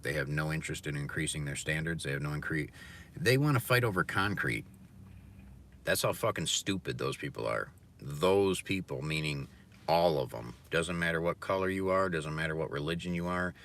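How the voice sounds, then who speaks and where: A man's voice: very deep voice, lively intonation, normal speed, a bit bright. A man hosting a livestream, talking in a blunt, profane, ranting way. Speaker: livestream host. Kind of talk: casual livestream rant.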